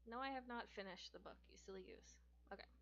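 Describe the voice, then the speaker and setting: A chatty young woman reads a book aloud with jokey asides, tripping over words and fixing them as she goes. Her voice sits at a medium pitch. The recording is dull and lo-fi. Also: fast talker, vocal fry, a bit bright. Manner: chatty, jokey, stumbles and self-corrects. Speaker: gaming streamer reading a book aloud. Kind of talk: casual read-aloud with asides.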